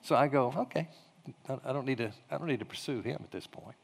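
A man's voice: mid-range voice, fast, creaky. A male pastor giving a conversational sermon, telling a story and acting out the quotes. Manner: storytelling with animated acted-out quotes. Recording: echoey hall reverb.

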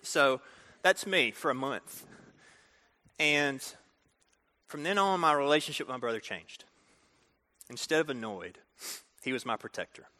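A man preaching a storytelling sermon, talking directly to the audience in an animated way. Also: mid-range voice, measured pace, long pauses. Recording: reverberant hall.

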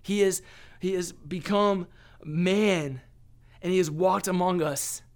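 A man's voice: high-pitched, takes it slowly. A young man giving an earnest sermon as a pastor, often restarting and repeating words.

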